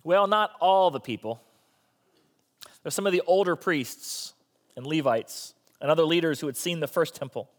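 A man's voice: a little high, normal speed. A male pastor preaching a sermon in a conversational style with joking asides.

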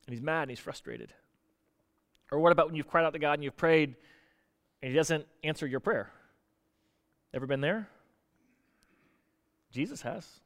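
A man preaching a sermon in a conversational, animated way, often putting questions to his listeners. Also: fairly high pitch, normal speed, long pauses. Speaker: pastor.

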